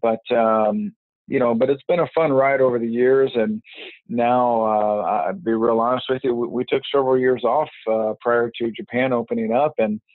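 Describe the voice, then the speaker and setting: A man's voice: mid-range voice, fairly even intonation, normal speed, dry recording. A man as an interview guest, talking casually over the phone in a rambling way, full of fillers and restarts. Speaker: interview guest, business networker. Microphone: phone line. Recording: tinny dry phone line.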